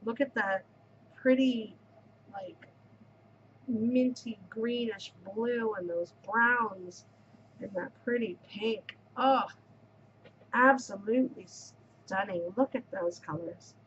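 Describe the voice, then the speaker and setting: A woman's voice: on the high side, slow pace, long pauses, a bit bright, muffled recording, slight background noise. A middle-aged woman hosting a knitting podcast, gushing effusively over yarn in casual show-and-tell chat and repeating her words of praise.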